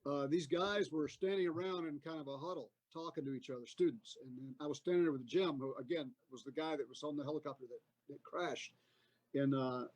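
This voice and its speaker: A man's voice: fairly high pitch, brisk, dry recording, low-quality recording. A man in his fifties, an army veteran guest, telling a war story in a rambling way with many fillers. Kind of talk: casual storytelling on a podcast.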